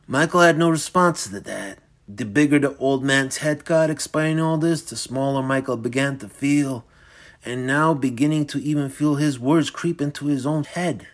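A man narrating his own hard-boiled thriller in a dramatic audiobook style. His storytelling is intense and gritty, leaning into the dread of each scene. He speaks at an ordinary mid pitch for a man. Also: moderate pace. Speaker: author reading his own novel.

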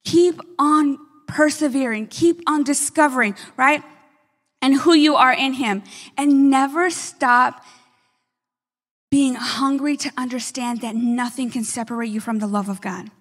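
A woman pastor delivering an energetic sermon, often checking in with the congregation with quick asides. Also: high-pitched, long reverb tail. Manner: energetic preaching with frequent "right?" asides.

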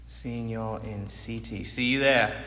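A man's voice: mid-range voice, steady tone, slow pace, sharp tone. A man in his thirties chatting casually on a phone livestream from a large dance studio, reading viewer questions and laughing often. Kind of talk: casual chat. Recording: echoey hall with faint noise.

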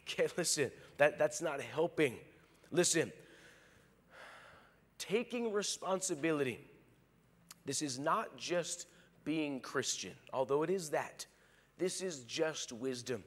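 A male pastor preaching a sermon, animated, acting out quoted lines. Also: on the high side, slow, long pauses, big-room sound. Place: large church hall.

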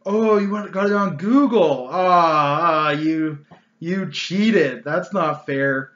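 A man's voice: on the high side, takes it slowly, a bit bright. A man mimicking a smug, boastful male game master, his tone mocking and self-satisfied, recorded in an echoey room with a dull, lo-fi sound. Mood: mock-sheepish.

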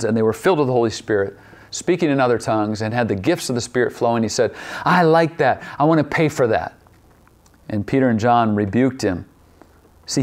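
A man preaching a sermon as pastor, repeating key phrases and asking the same question again and again, slowing down to stretch out certain words. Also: mid-range voice. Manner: poses repeated rhetorical questions; shifts pace, drawing some words out.

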